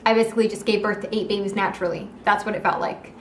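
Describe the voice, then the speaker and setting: Fast-talking young woman telling a story. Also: medium pitch, slight background noise. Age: young adult. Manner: animated, acts out quoted dialogue. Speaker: vlogger. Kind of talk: casual storytelling vlog. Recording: echoey room.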